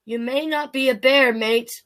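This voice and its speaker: A woman's voice: high voice, steady tone, moderate pace, fairly bright tone. A woman voicing a grumpy male koala who is fed up with being called a bear, in a put-on Australian accent and a sing-song, rhyming storybook delivery. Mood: indignant.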